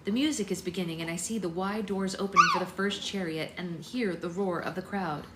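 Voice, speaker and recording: A woman hosting a book club, reading a novel aloud at home in a measured, expressive storytelling manner. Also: on the low side. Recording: echoey room with background noise.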